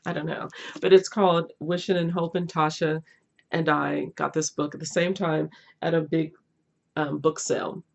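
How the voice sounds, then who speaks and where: A woman's voice: low voice, flat delivery, normal speed, gravelly, a little mellow, muffled recording. A middle-aged woman chatting casually as a book vlogger, gushing and laughing often. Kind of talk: casual chat.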